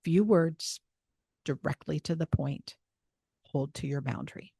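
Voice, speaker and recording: A woman hosting a self-help talk, giving steady, instructive advice and repeating phrases for emphasis. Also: low-pitched, a little slow, gravelly, husky, dry recording, clean studio sound. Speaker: host.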